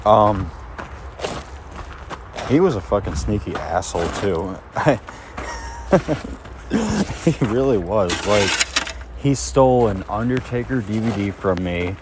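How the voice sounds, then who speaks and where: A man telling rambling personal stories as a podcast host, heated and profane, with many fillers and restarts. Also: fairly low pitch. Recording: steady audible noise with clicks.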